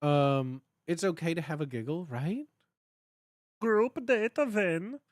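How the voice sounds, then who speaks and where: A Chicago-area streamer in their thirties speaks slowly during a casual, rambling livestream chat at home, with frequent fillers and restarts. They're animated and break into sudden high bursts while acting out cheering. The recording is dry, with clean studio sound.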